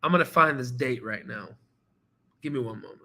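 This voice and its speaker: A man hosting a stock trading channel, talking casually and excitably while going through charts, swearing now and then and repeating himself as he rambles. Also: medium pitch, fairly quick, slight background noise. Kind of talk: casual screen-share market commentary.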